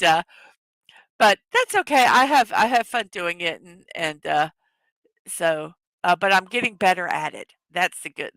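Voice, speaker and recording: A woman's voice: mid-range voice, bright, forceful tone, dry recording. A woman hosting a casual livestream, chatting away, rambling with restarts and frequent laughs. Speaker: livestream host.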